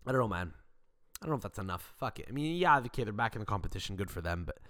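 A man's voice: on the low side, expressive, racing, fairly bright tone. A man hosting a casual solo podcast, rambling and swearing with many stuttering restarts, into a desk mic. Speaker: podcast host. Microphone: desk mic without arm.

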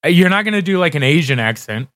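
A man's voice: a little high, lively intonation, fast talker, a bit bright, dry recording, clean studio sound. A man co-hosting a podcast in casual chat, rambling, self-deprecating and laughing often. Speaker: podcast co-host.

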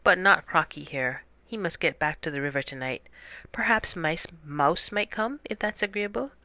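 A woman's voice: lowish voice, moderate pace, sharp tone, no room sound. A woman voicing a polite, gracious male dog in a storybook reading. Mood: courteous. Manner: genteel, courteous.

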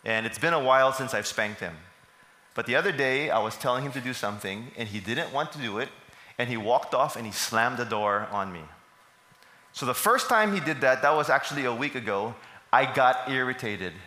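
A man's voice: mid-range voice, lively intonation, a little fast, pushed and bright. A man, preaching a sermon and putting questions to the congregation that he answers himself. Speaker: pastor. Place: church service hall. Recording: echoey hall.

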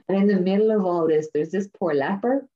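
A woman co-hosting a podcast, excitedly retelling a film in casual chat and laughing often. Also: medium pitch, moderate pace, muffled recording. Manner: animated storyteller, laughs often.

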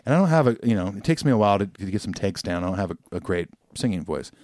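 A man's voice: fairly low pitch, big pitch swings, very fast, a little mellow, dry recording, studio quality. A man who is a guest musician, reflectively telling stories in a casual podcast chat. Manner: reflective storytelling, hesitant.

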